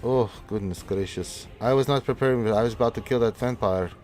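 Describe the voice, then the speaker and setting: A man's voice: mid-range voice, brisk, soft background music, natural voice. A man voicing an older woman, a fussy, motherly aunt who is flustered one moment and soothing the next, in a tabletop game. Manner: flustered, then soft and soothing.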